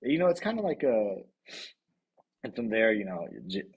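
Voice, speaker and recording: Husky-voiced man rambling on stream. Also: lowish voice, sing-song, normal speed, lo-fi sound. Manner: rambling, laughs often, swears, reads chat aloud. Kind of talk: casual livestream commentary.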